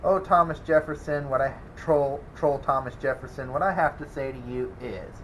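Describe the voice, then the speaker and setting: Welder host, man, rambling casual vlog delivery, mid-pitched, faint noise behind. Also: normal speed, low-quality recording. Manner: rambling, chuckling, exasperated about a troll. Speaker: welding channel host. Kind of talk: casual vlog talk to camera.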